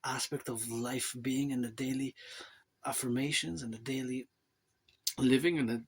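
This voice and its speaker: A man's voice: mid-range voice, fairly even intonation, normal speed, husky. A man from Montreal with a Quebec accent, talking in a loose, rambling monologue to camera and dropping asides like "eh?". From Canada. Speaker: vlogger.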